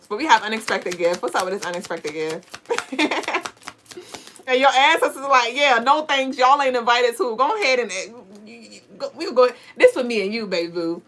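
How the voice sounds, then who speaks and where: Woman host, fairly high voice, playful and slangy, laughs loud, casual livestream tarot reading. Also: animated, normal speed, slight background noise. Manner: playful, slangy, laughs loudly and often, reads chat aloud.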